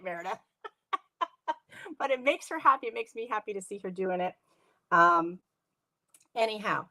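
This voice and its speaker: A woman's voice: medium pitch, gravelly, fairly bright tone. Chatty New woman demoing crafts. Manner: chatty, laughs often, talks to viewers by name. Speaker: craft demonstrator hosting a live stream. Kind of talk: casual live craft demo chat. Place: home craft room.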